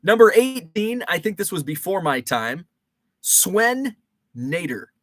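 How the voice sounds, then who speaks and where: A man's voice: sits high, very animated, moderate pace, a bit bright, no room sound. A man in his forties hosting a casual rambling monologue, thinking aloud with fillers and restarts. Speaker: show host. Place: home basement.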